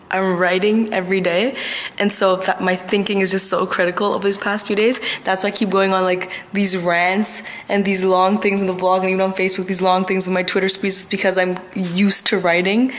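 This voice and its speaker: A woman in her twenties, talking to camera in a casual vlog rant, outspoken and emphatic with plenty of slang. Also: mid-range voice. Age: 20s. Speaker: vlogger.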